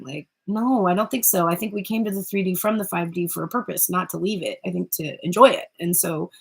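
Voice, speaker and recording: A woman's voice: medium pitch, expressive, fairly quick, gravelly, a bit bright, breathy edge, low-quality recording. A young woman giving a spiritual card reading at home, talking in a chatty, rambling way full of fillers and restarts, into a phone or webcam. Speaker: tarot reader.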